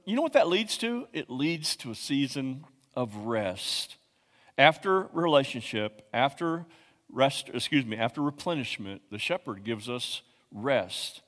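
A man's voice: mid-range voice, expressive, normal speed, a bit bright. A man preaching a sermon as pastor, emphatic, repeating his key lines and building to passionate peaks. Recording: long hall reverb.

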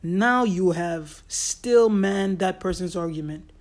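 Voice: medium pitch, takes it slowly. A podcast host giving a solo motivational talk in an earnest, emphatic way, repeating key phrases for weight and now and then acting out what other people say.

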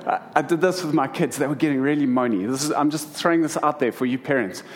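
A man's voice: on the high side, fast. A middle-aged man preaching to a congregation, telling humorous stories about family life. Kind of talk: sermon.

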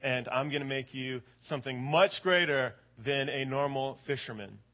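A young man voicing a calm, reassuring male teacher in a sermon, speaking gently and matter-of-factly. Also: mid-range voice, moderate pace, voice pushed down.

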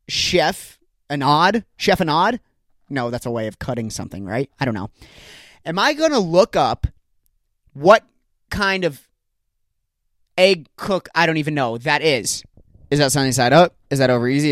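A man's voice: on the high side, a bit bright, dry recording, studio quality. A young man hosting a solo podcast, ranting in an exasperated, jokey way. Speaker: podcast host. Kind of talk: solo comedic podcast rant. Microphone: home recording setup.

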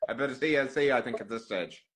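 A man's voice: medium pitch, fast, a bit bright, breathy edge. An Irish man chatting as a guest on a live podcast, with dry, joking understatement. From Ireland. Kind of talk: casual chat on a live stream.

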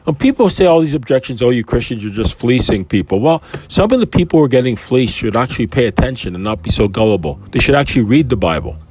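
A man's voice: mid-range voice, sing-song, fast, hardly any pauses, a little mellow, husky. A man reading scripture and commenting on it in a casual, rambling way, full of asides and restarts. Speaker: Bible teacher.

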